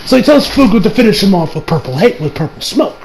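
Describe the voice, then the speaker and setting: A man recapping an anime episode in casual, rambling talk, full of laughs and swearing. His voice sits high and has a gravelly rasp. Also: sing-song, quick pace, noisy background. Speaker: anime reviewer.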